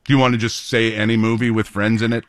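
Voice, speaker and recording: A man's voice: on the low side, level tone, fast, no echo. A man hosting a radio morning show, chatting with callers in a jokey, casual way from a studio.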